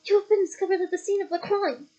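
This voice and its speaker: A woman's voice: extremely high pitch, normal speed, rough recording. A woman reading aloud and voicing a cold, curt older male official who snaps harsh accusations. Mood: furious.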